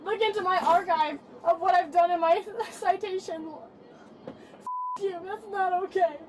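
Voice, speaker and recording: Brief: tearful, tipsy young woman with a very high voice, swearing then apologizing, heard from afar on body cam over loud noise and crowd. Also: fairly even intonation, normal speed, recorded from a distance. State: crying, drunk. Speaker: arrested woman.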